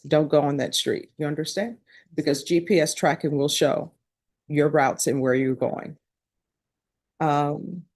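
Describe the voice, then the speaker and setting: A woman judge running a court hearing in a brisk, direct, businesslike way. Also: deep voice, a little mellow. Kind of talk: courtroom proceedings.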